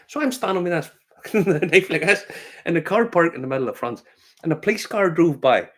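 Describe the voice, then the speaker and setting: A middle-aged man with a Northern Irish accent, chatting casually and telling animated, sweary stories with frequent laughter. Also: a little high, brisk. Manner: animated storyteller, swears freely, laughs often. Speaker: podcast co-host. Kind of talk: casual chat, anecdote.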